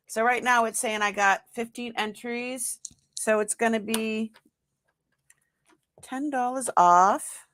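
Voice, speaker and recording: A woman's voice: fairly high pitch, slow, long pauses, slight background noise. A woman with a Boston accent hosting a live online sale, chatting casually and talking herself through on-screen steps. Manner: chatty, talks to herself while working the screen; excited squeals when announcing a winner. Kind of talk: live-stream chat.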